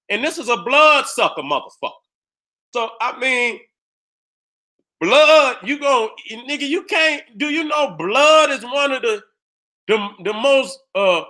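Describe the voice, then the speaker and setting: A man's voice: very high voice, sharp tone. A man giving a casual, profane, ranting commentary as he reacts to pictures on a screen, repeating himself for emphasis. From Detroit area. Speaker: online commentator.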